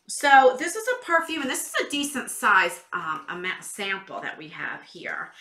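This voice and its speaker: A woman's voice: high-pitched, pushed and bright, reverberant. A woman chatting through a beauty box unboxing in a casual vlog, a little stuffy from a cold. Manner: chatty, exclaiming over products.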